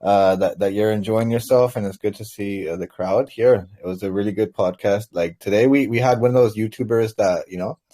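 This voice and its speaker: A man's voice: lowish voice, fairly quick, hardly any pauses, mellow. A man co-hosting a podcast in casual chat, easygoing and rambling, repeating himself.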